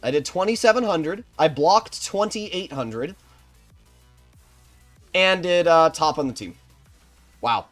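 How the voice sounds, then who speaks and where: A man's voice: on the high side, slow, pauses often, faint music behind. Boastful young male game streamer. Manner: excitable, boastful, bursts of loud exclamations. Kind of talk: live gameplay commentary.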